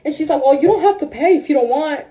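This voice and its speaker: A woman's voice: high-pitched, lively intonation, fast talker, mellow. A woman casually telling a story about a salon visit, emotional and informal, calling listeners "bro". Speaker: salon client. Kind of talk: storytime recounting.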